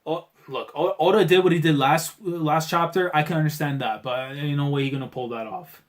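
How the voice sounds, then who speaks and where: A man with a slightly high voice reacts live as he reads a comic chapter aloud. His talk is casual and full of slang, and it swings between grumbling under his breath and excited shouts. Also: brisk. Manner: casual slangy talk, keeps saying bro. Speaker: manga reaction channel host.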